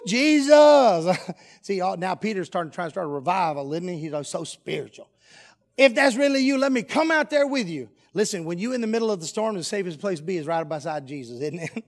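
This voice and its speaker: A man preaching a joking, animated sermon that swings between loud and hushed. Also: high-pitched.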